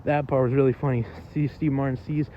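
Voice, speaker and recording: A man's voice: mid-range voice, little pitch movement, brisk, dull audio, a little hiss or hum. A man rambling through a casual, off-the-cuff movie review, full of fillers and loose swearing.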